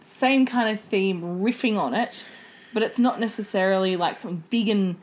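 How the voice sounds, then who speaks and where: A woman's voice: mid-range voice, normal speed. A woman co-hosting a podcast, chatting casually and tossing in playful jokes. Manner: playful, jokey asides. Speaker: podcast co-host. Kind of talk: casual chat.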